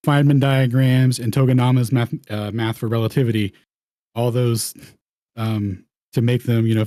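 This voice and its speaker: A man's voice: medium pitch, mellow, no room sound, clean studio sound. A man hosting a round table, talking casually and slangily over slides, rambling and restarting phrases. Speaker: host.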